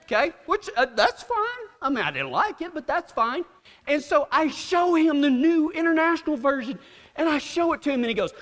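A man's voice: very high-pitched, very animated, normal speed, fairly bright tone, big-room sound. A man preaching a sermon, animatedly acting out both sides of an argument as he tells the story.

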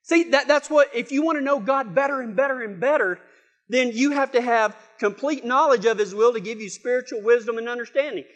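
A man's voice: very high-pitched, fairly quick, a bit bright, highs cut off. A man preaching a sermon from a church stage, opening with a humorous, folksy story and acting out the voices in it. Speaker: pastor.

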